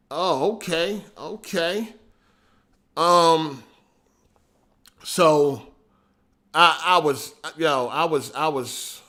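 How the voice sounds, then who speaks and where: A man hosting a livestream, telling a story in a casual, slangy, profane, animated way. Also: fairly high pitch. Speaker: podcast host.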